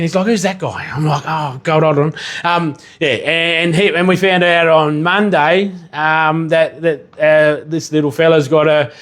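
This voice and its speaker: A man hosting a casual livestream while he cooks. He rambles, swears casually and bursts into excited yelling now and then. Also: a little high. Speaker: livestream host and chef.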